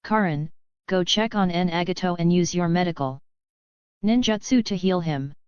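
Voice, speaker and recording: A woman reading the lines of a calm, reassuring young male ninja leader in a web novel audiobook. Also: lowish voice, normal speed, smooth, dry recording, highs cut off, lightly acted.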